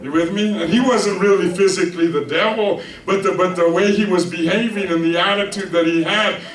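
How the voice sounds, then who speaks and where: High-ish pastor guy rambling thru a sermon, far off in an echoey church, crowd saying amen. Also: a little fast. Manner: chatty, keeps asking "you with me?". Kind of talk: conversational storytelling sermon. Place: church sanctuary with congregation. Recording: echoey church heard from afar. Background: congregation answering amen.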